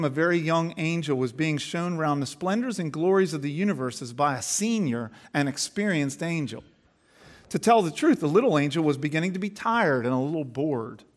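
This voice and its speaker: A man preaching as a pastor, earnest and dropping to a hush for emphasis, then reading a story aloud. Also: on the high side.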